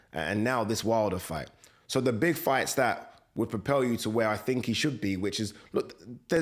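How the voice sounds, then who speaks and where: Man, casual vlog commentary, blunt, exasperated, swears, somewhat low pitch. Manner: blunt and exasperated, swears, asks rhetorical questions. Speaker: boxing commentator.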